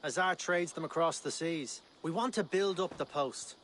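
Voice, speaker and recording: An actor with an Irish accent playing a friendly male fur trapper in a video game, steady and helpful. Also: fairly high pitch, normal speed, slight background noise, lightly acted.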